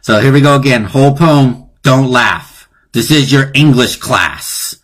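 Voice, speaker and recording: A man's voice: medium pitch, measured pace, fairly bright tone. A man hosting a live-streamed lesson on wordplay, chatty and playful, often laughing at his own jokes. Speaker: teacher hosting a live online class.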